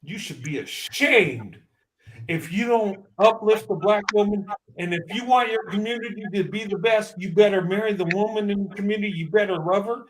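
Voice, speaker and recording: Man in his fifties, high-pitched voice, impassioned testimony, emphatic and repetitive. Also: normal speed, a little hiss or hum. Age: 50s. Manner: emotional, emphatic, repeats himself.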